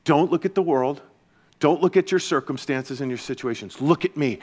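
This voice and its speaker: A man preaching as a pastor to his church, earnest and energetic, dropping to a soft, hushed voice for comforting passages. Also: on the high side, moderate pace. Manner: earnest, shifts to soft hushed tones when quoting Jesus. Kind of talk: sermon. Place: church service.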